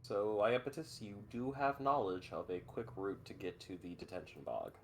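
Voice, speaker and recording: Deep-voiced man running a tabletop game. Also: normal speed, a little hiss or hum. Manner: laughs easily, animated. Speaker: game master.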